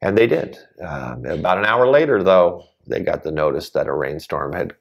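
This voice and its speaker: A man's voice: sits low, expressive, moderate pace, vocal fry. A man as a guest on an interview show, telling a personal story earnestly and acting out the voices of people he quotes.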